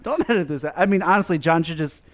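High, lively teasing man. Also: fast. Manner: teasing, joking. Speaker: podcast co-host. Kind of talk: casual chat.

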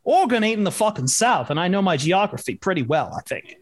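A man's voice: sits high, very animated, fast talker. A young man co-hosting a sports betting podcast, cracking jokes in brash, swearing tough-guy rants. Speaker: podcast co-host. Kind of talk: joking sports betting banter.

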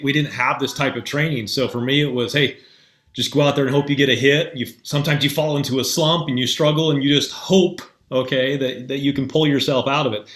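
A man's voice: medium pitch, a bit bright. A man, a mental performance coach, telling a story in a casual way and acting out both sides of the dialogue. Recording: roomy echoey sound.

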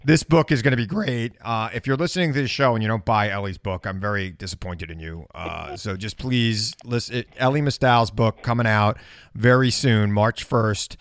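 A man's voice: fairly low pitch, moderate pace, no echo. A radio host, chatting casually and teasing his guest, laughing often.

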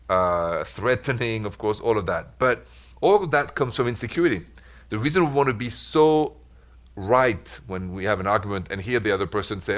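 A man's voice: lowish voice, expressive, fairly quick. A man hosting a radio advice show, talking in an earnest, reflective way with simple repeated phrases. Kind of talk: casual radio talk.

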